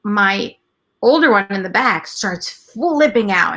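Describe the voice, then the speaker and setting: A woman's voice: mid-range voice, expressive, measured pace, a bit bright. A woman in her thirties, a mother speaking as a guest in a casual couch conversation, telling stories candidly and animatedly.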